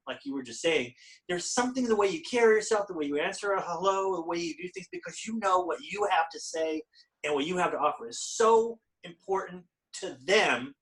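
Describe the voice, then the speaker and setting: Bright, lively man from California. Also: high voice, low-quality recording. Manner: animated, playful, laughs often. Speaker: guest, author and speaker. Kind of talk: enthusiastic conversation.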